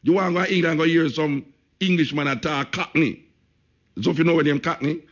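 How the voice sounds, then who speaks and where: A man's voice: a little high, steady tone, fast. A Jamaican man hosting a radio talk show, speaking patois and hammering his points home by repeating himself. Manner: emphatic, repeats phrases for stress, speaks patois. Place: radio studio. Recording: lo-fi radio broadcast.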